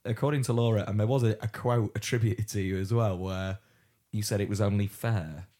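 Male comic interviewer, dry and questioning, slightly low voice. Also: fairly even intonation, a little fast, mellow. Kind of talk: improvised comedy chat.

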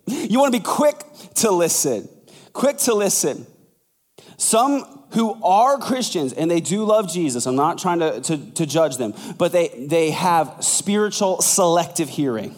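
A man preaching a sermon as pastor, conversational and lively, acting out quoted voices. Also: a little slow, in a large hall. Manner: animated, acts out quoted voices with big pitch jumps.

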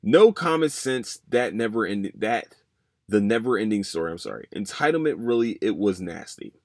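A man hosting a solo podcast in casual chat, rambling and profane, telling stories with animated swings. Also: fairly low pitch, moderate pace, no echo, clean studio sound. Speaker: podcast host.

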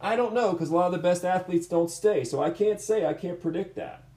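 Earnest rambling coach, male, dark mellow voice, roomy echo. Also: high-pitched, a little fast. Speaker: combat sports coach and host. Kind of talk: casual storytelling in conversation. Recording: echoey room.

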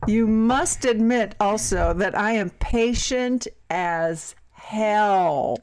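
A woman's voice: medium pitch, extremely slow, a little mellow, no room sound. A woman co-hosting a podcast, chatting casually with dry, sarcastic retorts. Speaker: podcast co-host. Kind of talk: casual chat.

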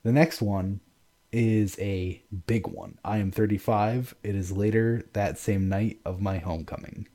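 A man's voice: fairly low pitch, steady tone, unhurried, mellow. A man reading a novel aloud with dramatic first-person narration and casual asides.

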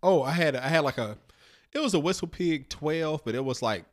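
A middle-aged podcast co-host chats casually and profanely about his trip, his voice a little high and fairly quick. He tells the story with animation, acting out what people said.

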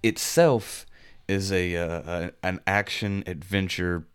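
A man's voice: low-pitched, takes it slowly, clear, resonant tone. A man co-hosting a casual video game podcast, rambling with lots of fillers. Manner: relaxed, rambling, frequent fillers. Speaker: podcast co-host. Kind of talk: casual chat.

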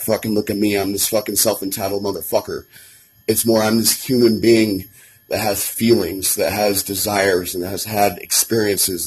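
A man's voice: on the low side, husky. A man from Colorado telling an earnest, emotional story of his addiction recovery, swearing often and restarting his sentences. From Colorado, USA.

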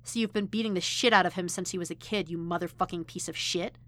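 A woman's voice: on the low side, fairly even intonation, quick pace, a bit bright, lightly acted. A woman voicing a seething furious young man.

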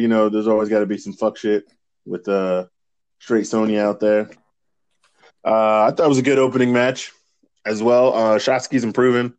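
A man's voice: on the low side, no echo. Laid-back, profane man co-hosting. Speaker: podcast co-host. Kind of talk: casual podcast chat.

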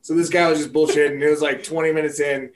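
A man in casual podcast chat, telling crude, animated stories and laughing often. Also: on the high side, fast.

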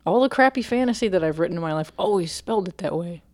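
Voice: medium pitch, lively intonation, fast, a little mellow, no room sound. A podcast co-host reacting in short, dry remarks and questions during a casual story, with occasional laughs. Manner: dry reactions, brief interjections, laughs along.

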